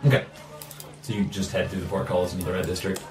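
A man acting as game master, narrating and explaining a tabletop game in a relaxed way full of fillers. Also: low voice, quick pace.

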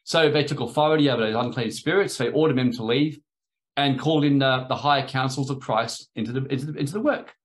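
A man's voice: medium pitch, fast talker. Man telling spiritual stories in sermon. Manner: rambling, anecdotal, acts out quoted voices. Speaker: spiritual teacher. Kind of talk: sermon-style storytelling.

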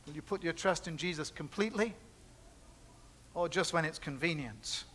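Male pastor w a high bright voice, preaching in church, repeats lines to drive it home, chatty asides. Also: moderate pace, slight background noise. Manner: conversational preaching with repetition and asides. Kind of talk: sermon. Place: church sanctuary.

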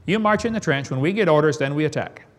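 A man's voice: fairly high pitch, expressive, quick pace, lightly acted. A man with a Southern US accent voicing a patient older army sergeant giving firm, fatherly orders, within a sermon story.

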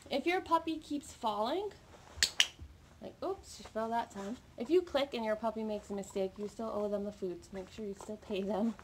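A woman's voice: fairly high pitch, moderate pace. A woman dog trainer explaining a live training session to viewers while working with her puppy off camera, coaching in an upbeat way. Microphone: camera mic, off camera. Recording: noticeable background noise with training clicks.

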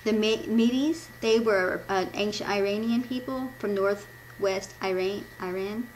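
A woman's voice: mid-range voice, moderate pace, few pauses, slight background noise, poor audio. Rambling self-correcting woman giving a devotion. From Midwestern United States. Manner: rambling, self-correcting, laughs at her own slips. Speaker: devotional speaker. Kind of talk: informal church devotion, reading notes.

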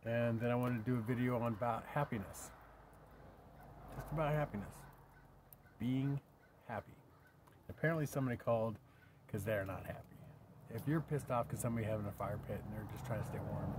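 An older man talks to camera in a loose, rambling vlog, sometimes sinking into a near whisper. His voice sits at an ordinary middle pitch. A faint outdoor hum sits behind him. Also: a little mellow. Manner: rambling, drops to a whisper at times. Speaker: vlogger. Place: camping by his vehicle outdoors.

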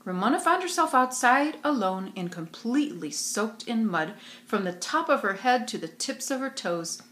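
A woman's voice: on the high side, moderate pace. Woman reading a children's story aloud. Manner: expressive storytelling. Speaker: narrator. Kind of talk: audiobook reading. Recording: roomy echo.

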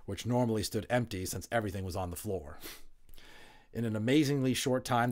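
Male audiobook reader, low voice, relaxed with casual asides. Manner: relaxed, chatty asides, small slips. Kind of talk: reading a novel aloud with casual asides.

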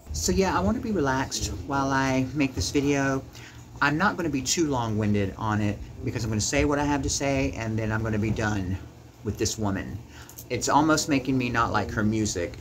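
Male YouTuber, heated to-camera rant, passionate and repetitive, medium pitch. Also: noisy background. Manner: heated, emphatic, repeats words when worked up.

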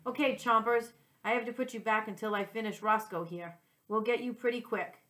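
A cheerful female pet groomer in a storybook who coos over the animals in a sweet, lifted voice, as a woman reads her aloud. She sounds gentle and friendly throughout. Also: fairly high pitch, steady tone, a little fast, natural voice. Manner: sweet, cooing.

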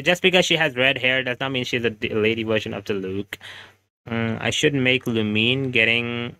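A creaky, mid-range male voice with a sharp yet clean tone and no echo belongs to this gaming streamer. Speaking with an Indian English accent into his home streaming microphone, he keeps things casual, reading chat out loud and laughing often.

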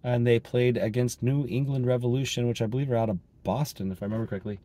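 A hoarse, raspy man from Colorado, chatting in a rambling, upbeat way with lots of ums while he drives. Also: medium pitch, fairly even intonation, fast talker, dry recording. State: hoarse from a cold. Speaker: vlogger and soccer referee. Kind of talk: casual driving vlog. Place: inside a moving car. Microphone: dash-mounted action camera. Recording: loud road and car noise.

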